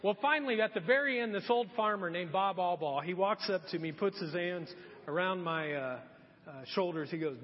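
High-voiced pastor preaching in an echoey hall. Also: male voice, moderate pace. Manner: animated storytelling, drops to quiet earnest appeals. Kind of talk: sermon with personal story. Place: church sanctuary. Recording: muffled echoey church hall.

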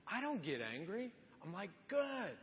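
A very high-pitched man preaching in a church sanctuary, chatty and animated as he plays out little scenes. His voice rings with a long hall echo, and the recording sounds muffled. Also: a little slow. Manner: animated, conversational preaching with acted-out quotes. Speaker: pastor. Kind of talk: sermon.

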